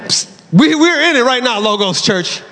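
A man preaching a lively, animated sermon as pastor, shouting at times. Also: very high-pitched, moderate pace. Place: large church hall. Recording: live church hall with congregation.

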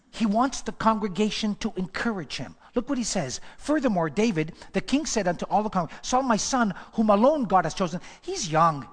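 A man's voice: high-pitched, in a large hall. A man pastor preaching a sermon with emphatic repetition, sometimes dropping to a whisper. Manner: emphatic preaching, repeats phrases, drops to whispers.

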